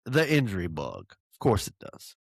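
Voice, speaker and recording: A man from North Georgia with a Southern accent, hosting a casual podcast, an animated storyteller who acts out quotes and chuckles. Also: on the low side, normal speed, vocal fry, no room sound, clean studio sound. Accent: Southern American. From North Georgia, USA. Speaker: podcast host.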